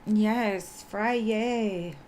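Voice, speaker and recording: A woman's voice: mid-range voice, drawn-out words, darkish tone. A woman tarot reader with a scratchy voice, chatting casually on a live stream and greeting viewers one by one.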